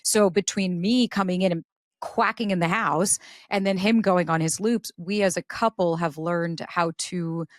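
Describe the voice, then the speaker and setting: Podcast guest, woman, lower voice, animated storyteller, dry close mic. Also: normal speed, no echo. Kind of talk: casual interview talk.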